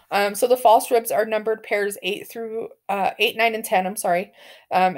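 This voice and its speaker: Woman teaching a relaxed terminology class. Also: medium pitch. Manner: conversational, asks students questions, many fillers. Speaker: medical terminology instructor. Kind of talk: classroom lecture.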